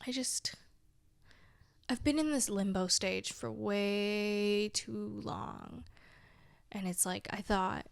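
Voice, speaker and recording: Young woman, vlogger, gravelly fry, dry close sound, rambling and candid. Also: mid-range voice, takes it slowly, long pauses, dry recording. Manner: rambling and candid, heavy use of "like", trailing off; wry, self-mocking, laughs often. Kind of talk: casual confessional vlog chat.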